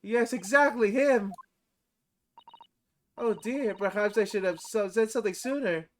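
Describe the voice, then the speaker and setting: A man's voice: high-pitched, measured pace, fairly bright tone, a little hiss or hum, pitched above the performer's own voice. A man doing a polite young woman's voice. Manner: polite, formal. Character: polite, gentle young Japanese woman assistant. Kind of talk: reading game dialogue aloud.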